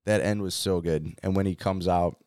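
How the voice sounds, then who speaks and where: A man co-hosting a podcast in casual chat, excitable and swearing as he acts out game scenes. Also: sits low, moderate pace, dry recording, studio quality. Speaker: podcast co-host.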